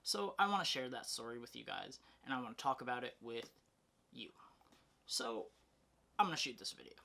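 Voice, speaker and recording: A man's voice: mid-range voice, big pitch swings, moderate pace, vocal fry, sharp tone. A young man telling a casual storytime vlog, candid and chatty, with fillers and self-corrections. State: out of breath. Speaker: vlogger. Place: home, then in his car.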